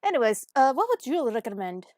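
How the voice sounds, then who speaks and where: A woman's voice: sits high, sing-song, a crowd in the background. A woman playing a tabletop game who laughs often between her lines. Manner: giggly, slow-spoken. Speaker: player.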